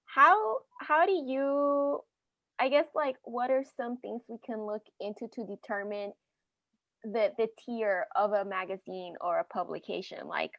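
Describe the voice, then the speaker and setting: A woman asks a question in a writing class, hesitant and leaning on "like" as she thinks. Her voice has a gravelly fry, and the recording is dry and a little muffled. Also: fairly high pitch, measured pace, no room sound. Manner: hesitant, uses "like" often. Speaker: workshop participant.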